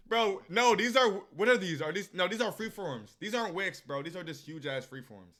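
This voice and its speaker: A young man streaming a casual music reaction, excitable and loud, swinging between low mumbles and sudden shouts. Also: brisk, few pauses.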